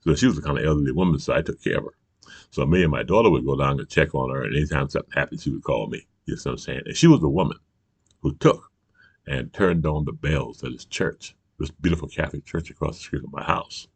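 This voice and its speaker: A man's voice: a bass voice, quick pace, no echo. An older man hosting his own show, in a heated, profane political rant, often asking if you understand. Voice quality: gravelly. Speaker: show host. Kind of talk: ranting political monologue.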